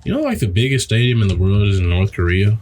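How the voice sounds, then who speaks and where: Low-voiced young man joking crudely. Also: big pitch swings, fast, darkish tone. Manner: crude, joking, laughs often. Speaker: podcast co-host. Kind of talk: casual chat.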